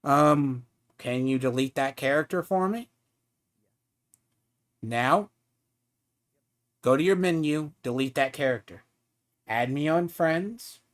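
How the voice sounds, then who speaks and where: A man's voice: fairly high pitch, takes it slowly, pauses often. Profane taunting man streaming a game. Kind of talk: heated live-stream rant at a player.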